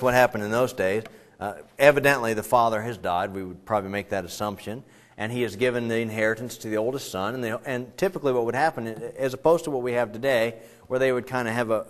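A male pastor with a medium-pitched voice preaches a sermon conversationally, wandering into rambling asides, cracking little jokes and restarting sentences.

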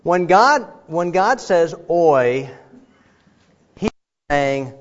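A man preaching a sermon in a conversational, animated way, with frequent fillers and restarts. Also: medium pitch, moderate pace, muffled recording. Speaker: pastor.

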